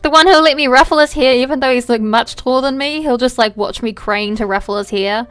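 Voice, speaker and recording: A woman streamer chats casually with her viewers, animated and playful, throwing in quick asides and the odd swear. Her voice is slightly high and resonant. The sound is dry and close, with faint music in the background. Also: clear, resonant tone, no echo. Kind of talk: casual chat while playing a game.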